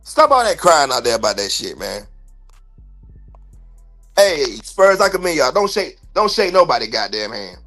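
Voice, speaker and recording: High-voiced man on a profane sports rant. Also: sing-song, moderate pace, long pauses, pushed and bright, soft background music. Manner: profane, blunt, fired-up slang-heavy ranting. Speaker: sports podcast host. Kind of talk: heated livestream sports rant.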